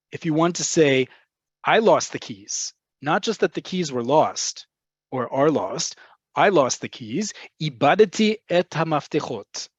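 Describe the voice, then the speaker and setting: A man's voice: fairly high pitch, no room sound. A man teaching a Hebrew vocabulary webinar, patiently explaining and checking in with the class. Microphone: computer mic on a video call. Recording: slightly dull lo-fi webinar audio.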